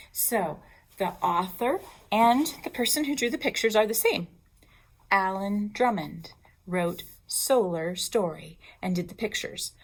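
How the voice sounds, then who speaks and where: Slow, expressive storytime woman. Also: mid-range voice, husky. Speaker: children's librarian. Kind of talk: storytime for young children.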